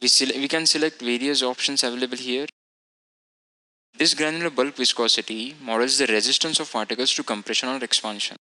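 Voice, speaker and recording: A man narrating a technical software lecture, explaining each model setting in a methodical way and now and then correcting himself. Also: mid-range voice, steady tone, brisk, low-quality recording. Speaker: instructor.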